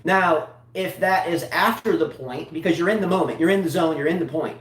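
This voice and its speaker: A man's voice: fairly high pitch, fairly quick, a bit bright. A man co-hosting a casual tennis show, talking in long rambling runs with many restarts. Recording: echoey room, mic at a distance.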